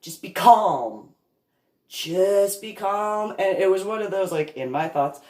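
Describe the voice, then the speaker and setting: Woman, unscripted parent monologue. Slow, deliberate, emphatic delivery with a lively pitch. Recorded in an echoey room. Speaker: parent telling her story.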